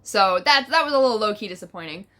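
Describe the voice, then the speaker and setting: A woman telling a casual storytime to camera, chatty and profane, full of fillers and animated retellings of what she said. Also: medium pitch, fast. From New York. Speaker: vlogger.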